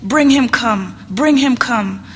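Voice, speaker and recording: A woman's voice: a little high, animated, slow pace, heavily acted. A woman voicing a bossy shopkeeper. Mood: commanding. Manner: loud, sharp, commanding. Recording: reverberant room, faint background noise.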